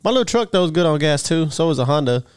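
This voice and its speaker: A man's voice: on the high side, expressive, quick pace, clean tone, no room sound. A middle-aged man, telling a rambling, profane story in casual podcast chat. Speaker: podcast co-host.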